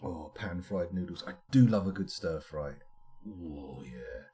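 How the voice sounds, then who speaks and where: A man's voice: low voice, unhurried, mellow. A man streaming a game live, chatting and rambling to himself as he plays. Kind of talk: live let's-play commentary.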